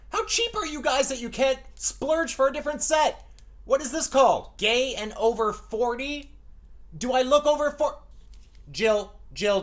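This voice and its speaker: A man's voice: very high-pitched, a bit bright, pitched above the performer's own voice, full character voice. A man voicing a brash, self-absorbed woman co-host in a comedy sketch, talking in a dramatic, flustered, gossipy way.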